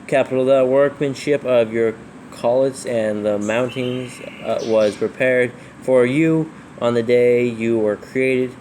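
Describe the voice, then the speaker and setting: A man proofreading scripture aloud, reading slowly and calling out every comma, quote and capital letter. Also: mid-range voice, steady tone, a little mellow, slight background noise. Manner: reads slowly, spelling out punctuation and capitals. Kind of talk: dictating text with punctuation.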